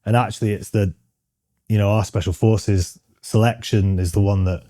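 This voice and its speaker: A man's voice: on the low side, fairly even intonation, normal speed, dark tone, no echo, clean studio sound. A British man in his thirties, a guest in an interview, talking frankly with many ums and restarts. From Britain. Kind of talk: casual interview chat.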